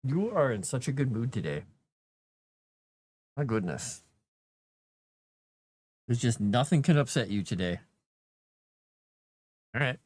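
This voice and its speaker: A man's voice: mid-range voice, very animated, slow, long pauses, darkish tone. A man, an author, chatting casually with his viewers on a live stream and cooing at his cat between thoughts.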